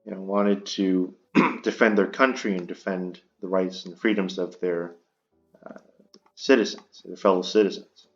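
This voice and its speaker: A man's voice: sits low, fairly even intonation, unhurried, lo-fi sound, soft background music. A man delivering an indignant commentary rant, stumbling and repeating words as he vents. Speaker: commentary YouTuber. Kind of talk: ranting commentary.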